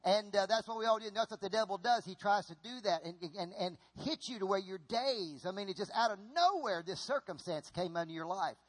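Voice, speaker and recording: A middle-aged man preaching a sermon in an animated, folksy way, often repeating himself as he acts out an example on stage. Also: sits high, a little fast, few pauses.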